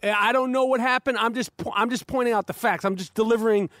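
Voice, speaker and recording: High-voiced man rambling on a podcast. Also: fast, no echo. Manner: rambling, profane, stammering restarts, animated. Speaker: podcast host. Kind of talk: casual podcast chat. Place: backyard, outdoors. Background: dog barking.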